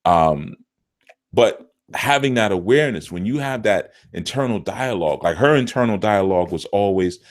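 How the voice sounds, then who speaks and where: A middle-aged man with a fairly low voice teaches through rambling, casual stories. He acts out the people he quotes, jumping far up in pitch. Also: normal speed. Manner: animated, jumps into quoted voices with big pitch swings. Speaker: spiritual teacher. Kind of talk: casual storytelling talk.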